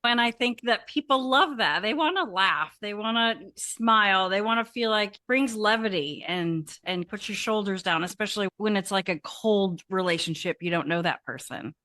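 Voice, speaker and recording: A woman's voice: mid-range voice, moderate pace, few pauses, pushed and bright, dry recording, studio quality. A woman co-hosting a podcast interview, affirming the guest with enthusiasm. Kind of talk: conversational interview.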